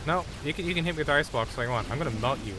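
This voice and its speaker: A man's voice: on the high side, expressive, racing, background noise. A man streaming a game live, chatting casually and bluntly brushing off requests from chat. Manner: blunt, dismissive banter with chat.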